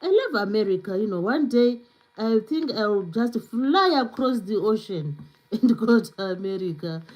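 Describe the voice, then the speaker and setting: A woman's voice: medium pitch, expressive, unhurried, darkish tone, poor audio. A woman hosting a casual live stream, chatting freely with lots of "you know"s and answering viewer comments as she goes. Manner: chatty, filler-heavy with many "you know"s.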